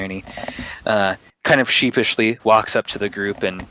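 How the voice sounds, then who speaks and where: Low-voiced joking game master. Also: male voice, fairly even intonation, normal speed, bright, forceful tone, a little hiss or hum, rough recording. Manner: loose, joking, rambling with fillers. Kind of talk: casual game-master narration.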